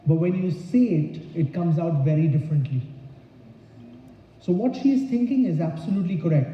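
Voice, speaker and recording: High-voiced man training in an echoey hall. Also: moderate pace, far from the mic. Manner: emphatic, throws rhetorical questions at the audience. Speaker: insurance sales trainer. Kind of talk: seminar talk to an audience. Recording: echoey dull hall recording.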